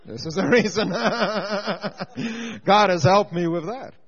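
High-voiced preacher man, lo-fi sound. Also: slow, big-room sound. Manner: dynamic, swings from loud emphasis to quiet intensity. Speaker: pastor and teacher. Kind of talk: sermon with stories and humor. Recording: dull lo-fi sound.

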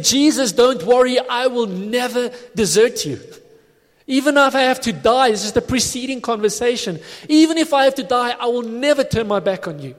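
A man preaching a sermon in a conversational, reflective way, recorded in a church hall. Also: high voice. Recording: long hall reverb.

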